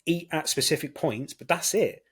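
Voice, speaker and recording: Male guest; earnest explainer who slows down for emphasis. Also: a little high, slightly rough. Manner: earnest explainer, slows to stress key words. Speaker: guest health consultant. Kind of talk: casual interview chat.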